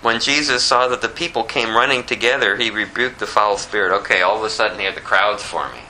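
A man preaching an expository sermon, shifting between low scripture reading and high, pleading acted prayers, with a conversational delivery full of asides. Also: fairly quick, pushed and bright, a little hiss or hum, low-quality recording.

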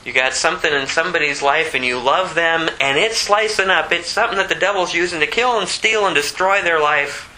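Guy preaching a sermon, really bright sharp voice, gets worked up and climbs high, bit of faint room noise. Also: fairly quick, hardly any pauses, rough recording. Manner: impassioned, pitch climbing sharply when emphatic.

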